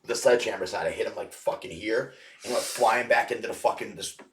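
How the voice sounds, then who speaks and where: A man, a podcast guest, telling rough stories in a rambling, profanity-heavy casual way. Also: lowish voice, quick pace, far from the mic, slight background noise. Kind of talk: casual storytelling. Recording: echoey room, off-mic.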